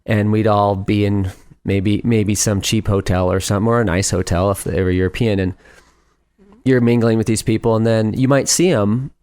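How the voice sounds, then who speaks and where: A man's voice: on the low side, flat delivery, normal speed, a little mellow, smooth, no echo, studio quality. A middle-aged man as a podcast guest, telling stories in a chatty way, laughing often and acting out what others said. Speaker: guest, speed climber. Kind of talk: casual storytelling interview.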